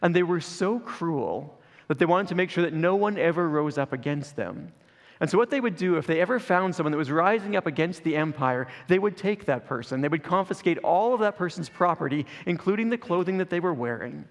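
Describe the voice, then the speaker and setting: A man's voice: fairly high pitch, animated, fairly quick. Earnest male preacher in a reverberant hall. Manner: earnest, builds through repeated phrases. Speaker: pastor. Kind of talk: sermon.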